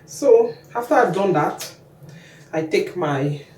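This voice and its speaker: A woman's voice: lowish voice, animated, slow. A woman walking viewers through her hair care routine in a casual, chatty how-to vlog. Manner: chatty, talks the viewer through each step. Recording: echoey room, mic at a distance, faint noise.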